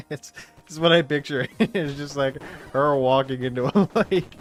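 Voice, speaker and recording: A young man streams a game and chats casually, rambling, swearing and laughing often. His voice is a little high and his pace measured, in casual gaming chat.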